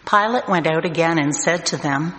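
A man reading scripture aloud as narration, slow and deliberate. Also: fairly high pitch, pushed and bright. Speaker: scripture reader. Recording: echoey hall, long reverb, faint noise.

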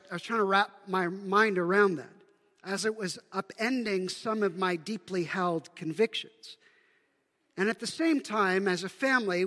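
Male pastor, high voice, bright tone, conversational sermon, rhetorical questions, long church reverb. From Canada.

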